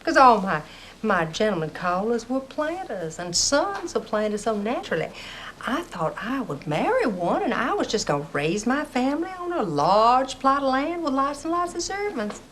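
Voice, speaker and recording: A woman's voice: fairly high pitch, very animated, normal speed, fairly bright tone, a little hiss or hum, rough recording. A gushing Southern mother. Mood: wistful. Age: middle-aged.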